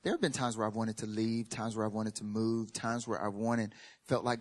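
A man preaching a sermon as a pastor. He tells a personal story with humor and emphatic repetition, and sometimes drops to a quiet, earnest tone. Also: fairly low pitch, normal speed.

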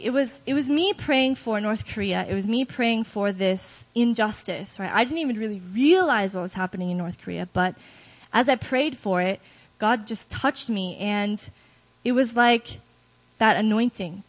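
A woman giving a personal testimony to a church group, telling her story candidly and poking fun at herself. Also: mid-range voice. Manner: candid, self-deprecating storytelling with laughs. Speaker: guest speaker giving testimony. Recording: dull lo-fi recording.

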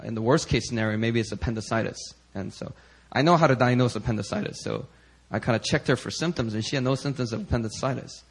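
A male pastor preaching in a conversational storytelling way, full of "you know" fillers and growing animated. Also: medium pitch. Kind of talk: sermon storytelling.

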